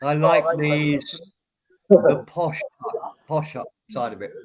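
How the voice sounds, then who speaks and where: A man's voice: a little high, slow pace, darkish tone. A man chatting on an online voice call, hesitant and polite, often repeating his words as he starts sentences. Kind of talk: casual online voice chat.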